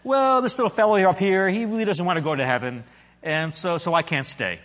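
A man's voice: high-pitched, fairly quick, a bit bright. A preacher voicing a timid, wavering male ghost who stammers and pleads in a raised voice. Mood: wheedling. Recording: echoey hall.

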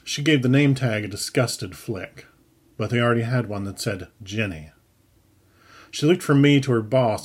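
A man reading his own story aloud in a wry, unhurried storytelling manner. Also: on the low side, breathy edge. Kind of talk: audiobook narration.

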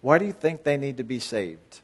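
A man's voice: mid-range voice, big pitch swings, normal speed, slightly rough. A man leading a spiritual retreat group, talking bluntly and firing rhetorical questions at his listeners, with sudden emphatic bursts. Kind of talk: group talk to retreat participants.

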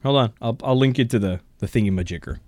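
A man co-hosting a casual podcast, rambling and quick to laugh. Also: medium pitch, darkish tone, no echo. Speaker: podcast co-host. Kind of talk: casual chat.

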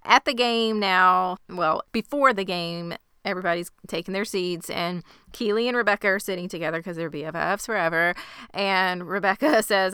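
Woman, lowish smooth voice, bright tone, dry close sound, chatty episode recap. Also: moderate pace, no echo. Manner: chatty scene-by-scene summary, laughs along. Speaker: podcast co-host recapping a TV episode. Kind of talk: casual chat.

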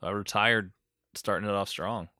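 A man with a cold and a sore throat chats loosely as a podcast co-host, joking and laughing between lines. His voice sits low but cuts through brightly and forcefully. The sound is dry and close, with no room around it. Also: steady tone, normal speed, no echo. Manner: joking, laughs often, sings off-key bits for fun. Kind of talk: casual chat.

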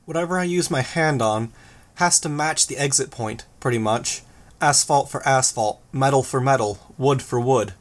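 A steady young armored leader who lays out facts briskly and plainly, as a man reads him. Storybook hero in charge of a team. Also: medium pitch, natural voice. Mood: firm. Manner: brisk, matter-of-fact.

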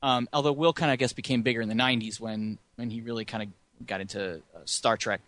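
A man's voice: mid-range voice, fairly even intonation, fast talker, a bit bright, no room sound. A man co-hosting a podcast, rambling through casual movie chat and chuckling often. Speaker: podcast co-host.

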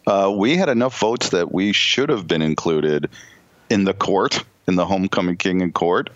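A man's voice: low voice, lively intonation, moderate pace, dry recording. A man in his fifties co-hosting a podcast, telling stories in a rambling, chatty way. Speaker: podcast co-host. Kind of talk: casual chat. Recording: dull, lo-fi remote line.

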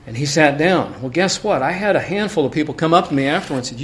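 Middle-aged guy preaching, chatty storytelling sermon, voice sits kinda high. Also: animated, a little fast, few pauses, a bit bright. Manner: conversational, anecdotal, frequent asides. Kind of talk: sermon with personal stories.

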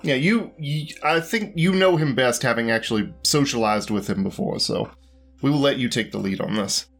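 A man's voice: mid-range voice, animated, moderate pace, a bit bright, soft background music. An easygoing man chatting casually as a player in a tabletop game. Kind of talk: casual chat.

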